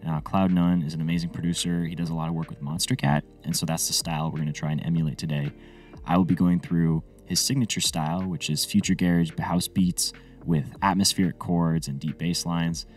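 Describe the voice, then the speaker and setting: A man's voice: low-pitched, steady tone, a little fast, recorded from a distance. A man and music producer talking through a tutorial step by step in an easygoing way. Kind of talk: screen-recorded tutorial walkthrough.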